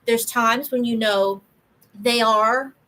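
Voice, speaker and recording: A woman in her thirties co-hosting a podcast in casual chat, an animated storyteller who acts out other people's voices. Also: fairly high pitch, slow pace, low-quality recording. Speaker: podcast co-host.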